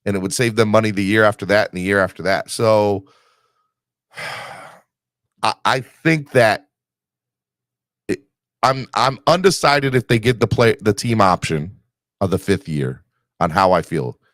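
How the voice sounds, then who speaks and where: A man's voice: fairly low pitch, unhurried, pauses often, fairly bright tone, no echo. A man hosting a casual sports podcast, rambling with restarts while recovering from an illness. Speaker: podcast host.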